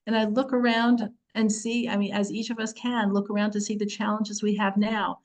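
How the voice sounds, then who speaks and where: Middle-aged woman teaching torah, chatty and animated, acts out the verses with humor. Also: mid-range voice, normal speed, poor audio. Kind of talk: casual Torah class.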